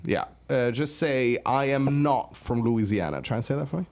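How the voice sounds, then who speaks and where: A man's voice: mid-range voice, normal speed, slight background noise, natural voice. Guy doing a cheery coach, bouncy up-and-down voice, keeps tripping over his words. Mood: upbeat. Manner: stammering, lively. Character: male accent coach, cheerful and halting. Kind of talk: comedy sketch.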